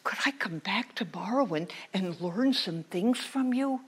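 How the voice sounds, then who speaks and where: A woman's voice: medium pitch, lively intonation, unhurried, husky. A woman storyteller voicing a curious, blunt young boy who stammers through his questions in a told folktale.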